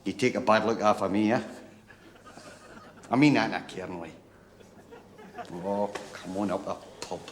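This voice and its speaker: A tactless pal, played by a man, blunt and jokey in a mid-pitched voice, with clear background noise. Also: moderate pace, pauses often, close to an everyday voice. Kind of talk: TV sitcom acting.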